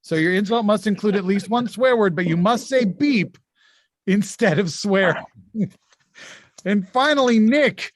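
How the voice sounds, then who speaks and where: A man hosting a streamed insult comedy game, brisk and joking, often laughing as he reads out the rules. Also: high voice, no room sound, clean studio sound.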